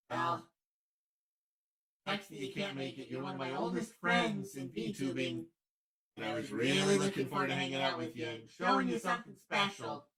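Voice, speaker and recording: Guy hosting a stream, voice jumps all over, kinda far from the mic, crowd noise behind. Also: medium pitch. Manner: animated, prone to sudden outbursts. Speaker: host. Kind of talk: live stream banter.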